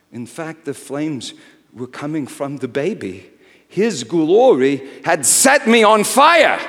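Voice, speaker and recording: An actor playing aged Simeon in a dramatic first-person monologue, impassioned and rising to shouts. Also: male voice, sits high, heavily acted. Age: older. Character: aged devout man, weary then awestruck. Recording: reverberant hall.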